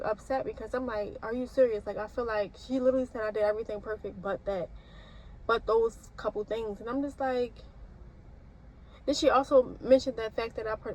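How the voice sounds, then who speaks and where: A young woman talks to the camera in a loose, rambling way, full of "like" and restarted sentences. Her voice sits a little high. A faint hiss runs under the recording. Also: rough recording. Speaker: nursing student vlogger. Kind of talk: casual vlog talk.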